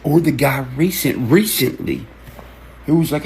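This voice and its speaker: A man, ranting excitedly to camera, cursing and jumping from one topic to the next as he acts out quotes. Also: medium pitch, a little fast, creaky, slight background noise. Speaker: online creator. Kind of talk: rambling rant to camera.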